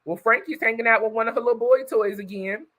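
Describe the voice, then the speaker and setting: A man's voice: extremely high pitch, steady tone, fast talker, bright, forceful tone, rough recording. A man casually recapping a story for his viewers, chatty and talking straight to the audience. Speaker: YouTube reviewer.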